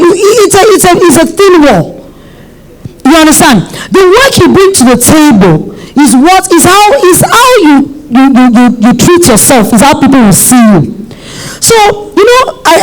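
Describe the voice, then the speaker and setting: A woman's voice: high-pitched, poor audio. A woman, an event planner, answering an audience question at a seminar in a direct, reassuring way. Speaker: event planner speaking on a panel.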